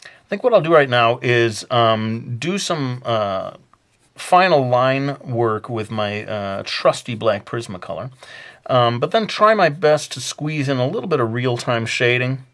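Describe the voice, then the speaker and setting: A man's voice: medium pitch, animated, measured pace, a bit bright. A man narrating a casual drawing tutorial in a jokingly put-on Brooklyn accent, rambling and self-mocking as he draws. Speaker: drawing instructor.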